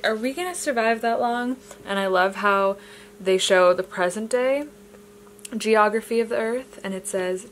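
A young woman talks to her camera in a loose, casual vlog style, gushing about what she loves in a mid-pitched voice. She slips easily into softer, reflective musing. A faint hum sits under her voice. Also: low-quality recording. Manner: bubbly, gushing, drifts into soft reflective talk. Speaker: vlogger.

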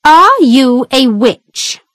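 A cold, powerful male judge puts stern questions slowly and deliberately, as a woman reader plays him. The voice sits a little higher than a man's would. This is a close, dry storybook reading. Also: sing-song, fairly bright tone, no echo, soft background music, heavily acted. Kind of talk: storybook reading for English learners.

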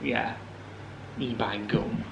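Dry-witted man, mid pitch. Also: steady tone, extremely slow, vocal fry, lo-fi sound. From West Yorkshire. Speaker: vlog co-host. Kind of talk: casual chat. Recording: echoey room with faint noise.

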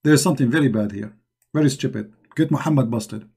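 A man's voice: mid-range voice, fast, dark tone, breathy edge. A man hosting a live religious debate stream, mocking and emphatic, repeating rhetorical questions into a computer mic. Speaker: debate show host.

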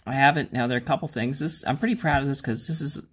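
A man hosting his own hobby channel and chatting casually about his miniature work. He talks in a rambling way, pokes fun at himself and fills his pauses with lots of uhs and ums. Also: mid-range voice, a bit bright, slightly rough. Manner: rambling, self-deprecating, many fillers. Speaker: miniature painting channel host.

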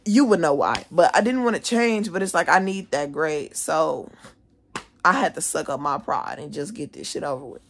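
A teenage girl telling a story from school in a casual vlog from her bedroom, animated, indignant and swearing freely. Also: low voice, moderate pace, a little hiss or hum. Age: teens. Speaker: vlogger, student. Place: at home, bedroom.

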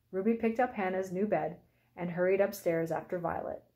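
A woman teacher reading a children's storybook aloud, in a clear, gentle storytelling way. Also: lowish voice, normal speed.

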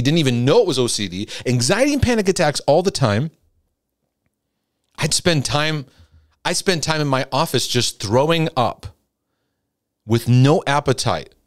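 A middle-aged man teaching in a sermon-like broadcast, acting out pleading prayers in a high voice. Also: big pitch swings, moderate pace, no room sound, clean studio sound. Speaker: Christian teacher and coach.

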